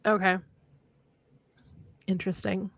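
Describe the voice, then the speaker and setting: A woman's voice: medium pitch, level tone, slow, vocal fry, fairly bright tone, no echo. A young woman from Minnesota chatting on a livestream, rambling through fun facts. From Minnesota, USA. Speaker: livestream co-host, author. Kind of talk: casual chat.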